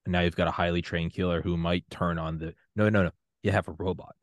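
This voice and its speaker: A man's voice: low voice, fairly even intonation, fast talker, no room sound. A man hosting a podcast interview, chatting casually and joking, acting out quoted voices as he talks. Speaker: podcast host.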